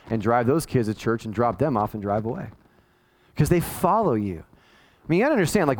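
A middle-aged man, a pastor, preaching a sermon in a casual, conversational way and acting out the people he quotes. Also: medium pitch. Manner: conversational, animated, acts out quoted voices.

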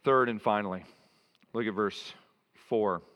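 A man's voice: fairly low pitch, measured pace, a bit bright, long reverb tail. A man preaching a sermon as a pastor, stressing and repeating key phrases.

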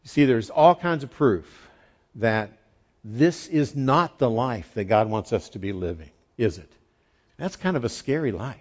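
A pastor preaching a sermon, emphatic, repeating key phrases and rising for emphasis. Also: male voice, medium pitch, expressive, unhurried, a little mellow, lo-fi sound.

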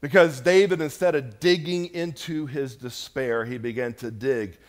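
A pastor preaching a sermon in church, rising to loud emphatic peaks and dropping to hushed, low lines. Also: male voice, normal speed.

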